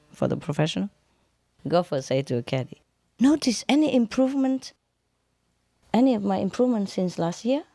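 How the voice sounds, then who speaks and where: A woman's voice: lowish voice, darkish tone, dry recording. A woman telling jokes to an audience, laughing often at her own punchlines, with non-standard English grammar.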